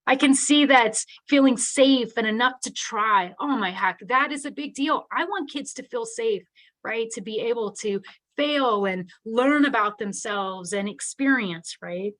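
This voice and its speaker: A woman's voice: fairly high pitch, a little slow, fairly bright tone. A middle-aged woman giving a live online keynote on special education, talking earnestly and conversationally and often checking in with "right?".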